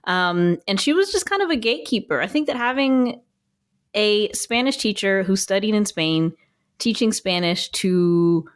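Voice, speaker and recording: A woman's voice: medium pitch, animated, unhurried. A woman co-hosting a podcast, telling a story in casual chat and laughing often. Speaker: podcast co-host.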